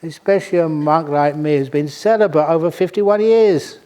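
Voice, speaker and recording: A man's voice: on the high side, normal speed, dark tone, clean tone. Older man, monk, dharma talk, playful, humorous storytelling, audience asides. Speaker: monk teacher.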